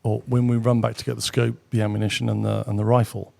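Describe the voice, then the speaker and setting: A middle-aged British man, a guest on an interview show, telling anecdotes casually with quick asides and the odd swear. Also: fairly low pitch, level tone, vocal fry, mellow. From Britain. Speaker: guest, former military pilot. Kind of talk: casual storytelling.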